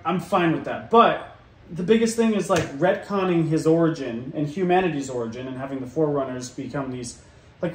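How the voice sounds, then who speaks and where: Guy ranting and cussing over a video, kinda high voice, echoey room. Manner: profane, heated, lots of likes and restarts. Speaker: reaction commentator. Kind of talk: ranting reaction commentary.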